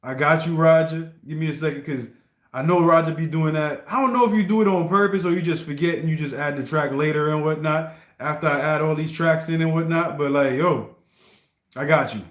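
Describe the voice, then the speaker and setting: High-voiced man chatting on a livestream in a roomy space. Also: steady tone, a little fast. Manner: slangy, stammering, often asks "you know what I mean". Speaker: livestream host playing song requests. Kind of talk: casual livestream chat. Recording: roomy echo.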